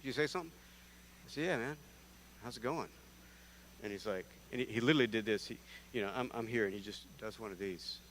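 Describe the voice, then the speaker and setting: A man's voice: fairly low pitch, fast talker, pauses often, slight background noise. A man preaching a sermon in a church, telling stories in a conversational, self-deprecating way and acting out the characters in them. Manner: animated storytelling, acting out characters with big swings in loudness. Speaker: guest preacher. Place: church sanctuary.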